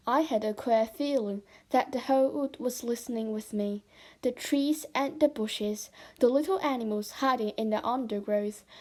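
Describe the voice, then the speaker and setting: Woman, fairly high voice, reading a children's book aloud, expressive. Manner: slow, expressive storytelling. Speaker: storybook reader.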